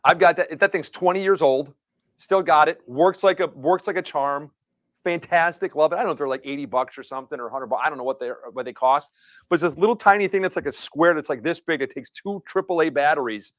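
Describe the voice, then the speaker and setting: A middle-aged man with a slightly high voice, rambling through a story with lots of restarts. The sound is dry and close. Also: fast talker, no room sound. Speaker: co-host. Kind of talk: casual live show banter.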